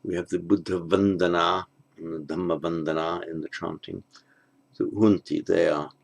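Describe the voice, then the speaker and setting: A man teaching a language lesson, working through translation exercises slowly and methodically, thinking aloud with pauses. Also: sits low, fairly even intonation, gravelly. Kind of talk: spoken grammar lesson.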